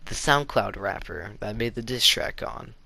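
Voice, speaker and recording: A man's voice: lowish voice, moderate pace, vocal fry, bright, forceful tone. A teenage boy telling a casual story-time tale to his viewers, rambling with lots of "like" fillers. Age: teens. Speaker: YouTuber.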